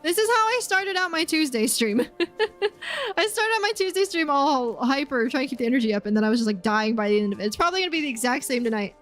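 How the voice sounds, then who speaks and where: A woman streaming a game, chatting casually and excitably, yelping and laughing as she plays. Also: sits high, fast talker, soft background music. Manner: chatty and excitable, yelps and laughs while playing. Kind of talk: casual gaming commentary.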